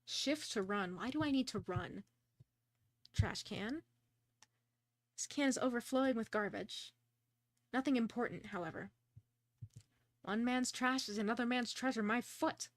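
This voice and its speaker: A woman's voice: a little high, a little slow, pauses often, no echo. A young woman streaming a detective game, chatting casually, second-guessing herself aloud, and reading the dialogue. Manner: chatty, self-deprecating, talks through her choices.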